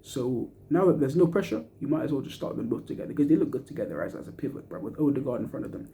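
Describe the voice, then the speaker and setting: A man's voice: medium pitch, lively intonation, quick pace, warm tone, slight background noise. A young man, ranting angrily about a football match, swearing and using street slang. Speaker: football fan reacting to a match. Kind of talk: angry post-match fan rant.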